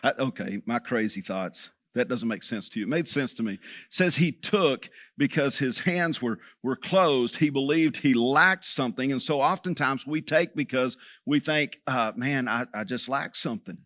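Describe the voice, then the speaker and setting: A man's voice: mid-range voice, moderate pace, hardly any pauses, a bit bright, dry recording, clean studio sound. A man preaching a sermon as pastor, talking conversationally and checking in with the congregation.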